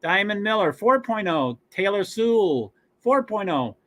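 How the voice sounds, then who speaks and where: With a high, fairly bright voice and a very animated delivery, a man hosting a casual sports watch-along stream reads rosters and stats aloud. He fills it with fillers, pauses and chatty asides.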